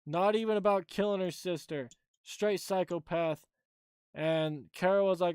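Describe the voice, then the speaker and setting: High-voiced, blunt casual streamer man. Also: unhurried, a little mellow, clear, resonant tone, dry recording, clean studio sound. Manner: offhand, blunt, rambling. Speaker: streamer host. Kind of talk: casual live-stream chat.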